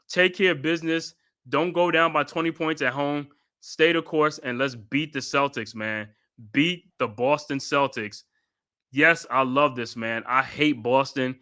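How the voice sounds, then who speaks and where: A man from New York hosting a live stream of excited postgame fan commentary, trash-talking and constantly repeating his catchphrases. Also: mid-range voice, measured pace. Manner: laughs often, trash-talking rival fans. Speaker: sports live-stream host.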